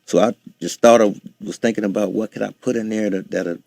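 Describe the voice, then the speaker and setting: A man, a DJ and producer, recalls a recording session in a relaxed, halting way with lots of fillers. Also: fairly low pitch, vocal fry, no room sound, studio quality. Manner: laid-back, halting with fillers. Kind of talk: interview recollection.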